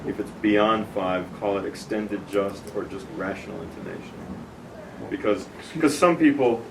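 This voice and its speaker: Speaking at normal speed in a fairly low, creaky voice, a man patiently demonstrates tuning software to a small group one step at a time. His explanations are casual, and the recording comes from a distant room mic with background noise.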